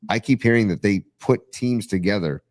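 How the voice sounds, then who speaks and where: Man, low voice, enthusiastic, rambling sports chat. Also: moderate pace, darkish tone. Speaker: podcast co-host.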